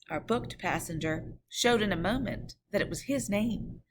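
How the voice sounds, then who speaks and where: An audiobook narrator with a mid-range voice, this woman reads a classic novel in a measured, expressive storytelling style.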